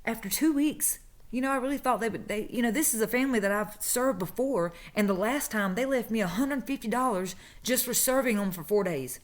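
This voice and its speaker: A woman's voice: a little high, a little fast. A woman, casually telling a story about her old job and acting out the people she quotes. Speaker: vlogger telling a work story.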